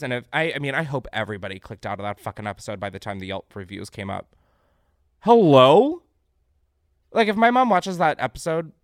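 This podcast host is a young man with a medium-pitched voice, recorded dry at studio quality. Animated and sarcastic, he riffs on the news in casual comedic banter, cursing freely and cracking up with laughter.

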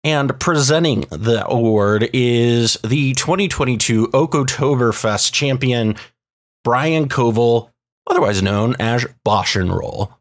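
A man hosting a card-game awards show, introducing presenters with halting, self-mocking asides. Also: mid-range voice. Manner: hesitant filler-heavy asides.

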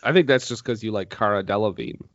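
A man's voice: fairly low pitch, quick pace, fairly bright tone, no echo, lo-fi sound. A man co-hosting a casual film podcast, playful and teasing, laughing often. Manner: playful, laughs often, teases his co-host. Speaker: podcast co-host.

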